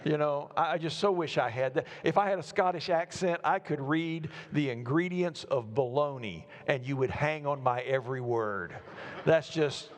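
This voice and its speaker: A man preaching a sermon, earnest, building to emphatic repeated phrases and then slowing to quiet, weighty words. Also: a little high, long reverb tail. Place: church sanctuary.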